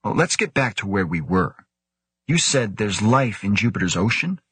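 A man's voice: lowish voice, big pitch swings, moderate pace, fairly bright tone, slightly rough, dry recording, full character voice. A man doing a curious young newcomer. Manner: curious, eager.

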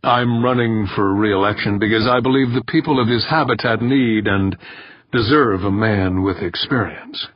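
A man reading the part of a confident politician giving a measured, firm campaign answer. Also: lowish voice, no echo, natural voice. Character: smooth, self-assured male politician. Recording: dull, dry, slightly muffled recording.

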